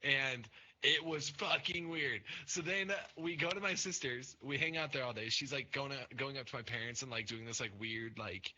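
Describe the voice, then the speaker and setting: A young man with a very bright, edgy tone tells crude, rambling stories full of fillers. The recording is dull and lo-fi, with a faint hiss underneath. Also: mid-range voice, normal speed. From Nebraska. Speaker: podcast co-host. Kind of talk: casual storytelling chat. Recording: dull lo-fi sound with faint noise.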